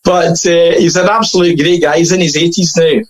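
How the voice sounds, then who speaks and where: A Scottish man chatting as a podcast guest, telling a long anecdote in a casual, lively way and laughing at his own tale. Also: on the high side, normal speed, rough recording.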